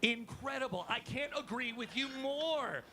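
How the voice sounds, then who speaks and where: A man reporting live from a busy convention floor, high-energy and hyping up the crowd. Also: expressive, unhurried. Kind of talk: live event hosting.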